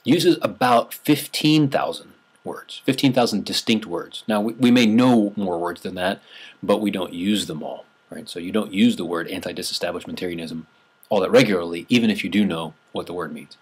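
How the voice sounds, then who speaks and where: A man's voice: sits low, normal speed, husky. A man teaching a class in a conversational lecture, restarting phrases and stressing numbers.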